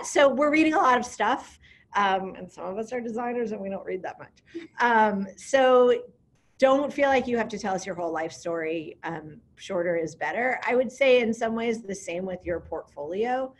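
A woman's voice: mid-range voice, lively intonation, moderate pace. A woman directing a program, speaking in a casual, upbeat way with frequent ums during an online information session.

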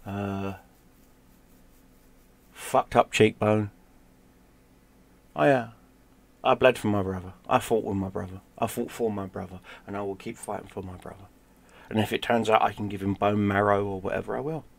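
A middle-aged man with a low, gravelly voice tells a story in a blunt, casual way. He swears freely and drops to a hush at the tense parts. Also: steady tone, normal speed, long pauses. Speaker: gaming streamer telling a personal story.

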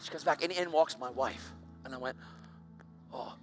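A man preaching a sermon, telling a story with animated energy and rising to loud, excited bursts. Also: on the high side, brisk, music in the background.

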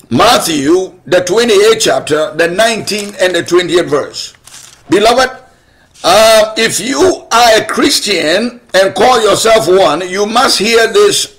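A man's voice: sits high, fairly bright tone. A man preaching a sermon as pastor, emphatic and repetitive, asking rhetorical questions and pressing his point.

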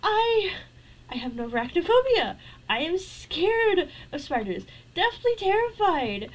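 A woman's voice: extremely high pitch, big pitch swings, unhurried, rough recording. A young woman streaming a game, talking casually with nervous, frightened rambling and sudden shrieks. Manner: jittery and frightened, shrieking at spiders, then rambling.

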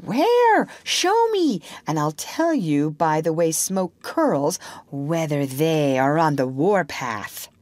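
A woman's voice: low voice, sing-song, slow pace, a little mellow, dry recording, full character voice. A woman voicing a bold, boastful boy adventurer who talks about danger in a brash, matter-of-fact way. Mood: eager.

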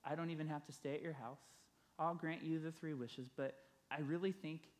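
Man playing god in a sermon story, patient, measured, a bit higher voice. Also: fairly even intonation, natural voice. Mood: gentle. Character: God, patient and kindly warning.

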